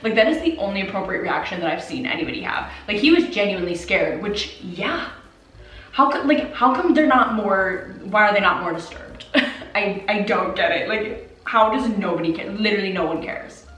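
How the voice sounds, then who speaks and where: A woman's voice: medium pitch, animated, moderate pace, fairly bright tone, faint music behind. A woman giving casual video commentary, sounding incredulous and exasperated and often breaking into laughter. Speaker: anime commentator. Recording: roomy, distant from the mic.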